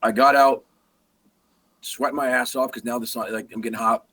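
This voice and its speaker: A man's voice: medium pitch, moderate pace, husky. A man, a guest hunter, telling a story in a casual way and acting out the sounds and the dialogue. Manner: animated, acts out sounds and quoted dialogue.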